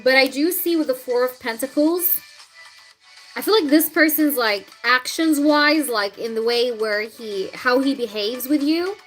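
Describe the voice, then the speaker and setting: A woman hosting a casual live tarot reading, chatting with viewers and often clearing her throat. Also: high-pitched, measured pace, faint music behind, low-quality recording.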